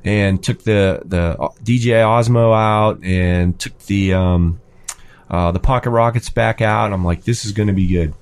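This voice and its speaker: In a hobby chat, a man with a lowish, slightly mellow, clear and resonant voice unhurriedly tells a casual anecdote about his thirteen-year-old son, full of fillers and restarts. His pitch climbs sharply whenever he quotes himself or the boy.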